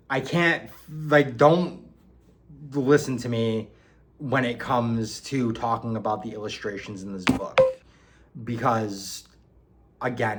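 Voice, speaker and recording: A man's voice: medium pitch, fairly bright tone. A young man from New York telling a personal story in a casual, hesitant way, with many ums and restarts. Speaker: book reviewer.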